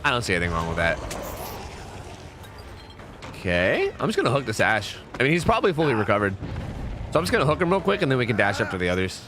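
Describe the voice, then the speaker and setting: A young man giving casual, jokey commentary while streaming a horror game, chatting and breaking into sudden high exclamations. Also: wildly swooping pitch, fast, pauses often, noisy background.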